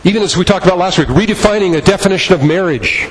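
A man's voice: high-pitched, very fast, in a large hall, rough recording. A man preaching a sermon as pastor, impassioned and repetitive in his cadence.

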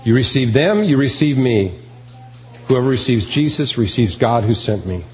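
A man's voice: mid-range voice, lively intonation, normal speed, darkish tone, low-quality recording. A man preaching a sermon, earnest and emphatic, repeating key phrases. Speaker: pastor.

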